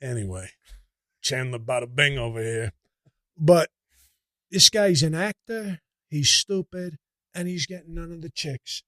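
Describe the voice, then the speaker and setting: A man puts on a crude, bragging Italian-American tough guy from New Jersey who swears constantly and boasts loudly. He talks in a raised, fairly high register for a man, with a dry, close sound and no room echo. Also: measured pace, long pauses. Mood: brash. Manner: brash, profane, bragging. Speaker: comedy character guest. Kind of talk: in-character comedic rant.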